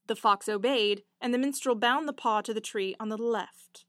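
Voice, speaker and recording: High-voiced lady reading a fairy tale, really lively, dry sound. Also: moderate pace, hardly any pauses, no room sound. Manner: expressive, lively storytelling. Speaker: narrator. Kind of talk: storybook narration.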